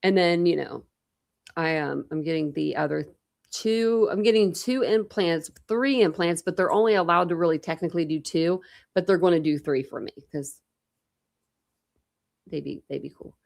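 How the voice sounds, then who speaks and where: Casting note: young woman, low voice with a gravelly fry, rambling casual live-stream chatter. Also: moderate pace, darkish tone. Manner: chatty, rambling, repeats words and restarts. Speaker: true crime channel host.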